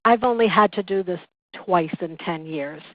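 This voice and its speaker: A woman who coordinates patient relations, giving a webinar presentation in a calm, earnest, instructive way and telling stories to make her points. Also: on the low side, moderate pace, no room sound. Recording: tinny phone-like dry recording.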